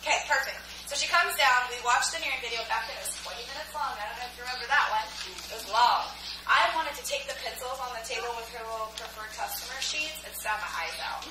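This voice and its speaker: A woman giving an animated motivational business talk, telling stories with a sarcastic edge. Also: fairly high pitch, fast. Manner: animated storyteller who voices her friends; self-described sarcastic. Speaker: speaker at a sales training event. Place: event hall. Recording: echoey hall from far off with noise.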